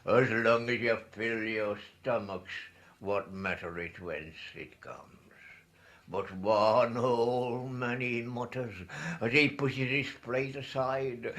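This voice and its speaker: A man giving a dramatic recitation of a poem, declaiming with sharp swings in loudness. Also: medium pitch, fairly even intonation, slow pace. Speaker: speaker at an online folk song forum.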